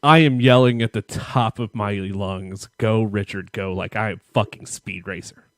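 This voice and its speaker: A man with a fairly low voice spins a long, rambling story for his co-host, cursing freely and laughing at himself. The sound is close and dry, with no room around it. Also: moderate pace, dry recording. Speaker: podcast co-host. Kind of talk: casual storytelling chat.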